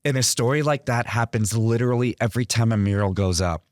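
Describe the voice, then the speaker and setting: A man from Iran, a guest artist on an interview show, telling stories in an earnest, animated way. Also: medium pitch, fast, no room sound, clean studio sound. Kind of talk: interview, storytelling.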